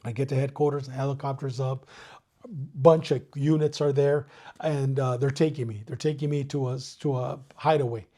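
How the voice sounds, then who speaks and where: A retired male police detective telling a story as an interview guest, animated and acting out both sides of his phone calls. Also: mid-range voice, moderate pace. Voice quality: bald.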